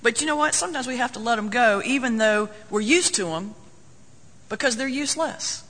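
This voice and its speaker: A man's voice: extremely high pitch, fairly quick, sharp tone. A man preaching a sermon as a folksy, joking storyteller. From North Carolina, US. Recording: long hall reverb.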